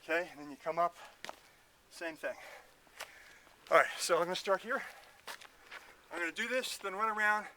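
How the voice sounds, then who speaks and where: Bright-voiced man coaching a workout, winded. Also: high-pitched, normal speed, pauses often, a little hiss or hum. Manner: chatty, self-mocking, explains while exercising. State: out of breath. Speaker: fitness instructor. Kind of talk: casual workout demonstration. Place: outdoors at a house in the woods. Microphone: filmed by a camera operator.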